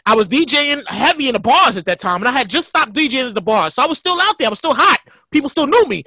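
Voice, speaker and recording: A man in his thirties who was a DJ, telling a story in casual chat, loud and animated, repeating himself and shouting in bursts. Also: extremely high pitch, fast talker, no echo.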